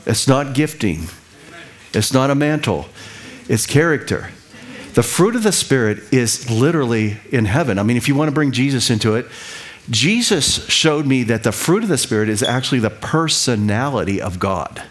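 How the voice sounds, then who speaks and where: A middle-aged man preaching in a loose, conversational style. His voice sits at an ordinary pitch, and he often repeats a phrase before moving on. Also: expressive. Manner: conversational, repeats himself, quick asides and laughs. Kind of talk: sermon teaching.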